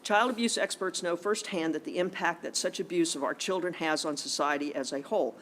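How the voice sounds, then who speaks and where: A man's voice: fairly high pitch, brisk, fairly bright tone, slight background noise. A man testifying before a legislative committee, out of breath, moving from a read statement into rambling talk full of restarts and fillers. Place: legislative committee hearing room.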